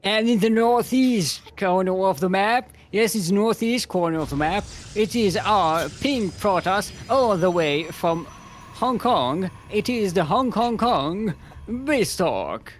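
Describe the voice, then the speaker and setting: A man's voice: sits high, expressive, takes it slowly, slight background noise, pitched above the performer's own voice. A man doing a grandiose male announcer.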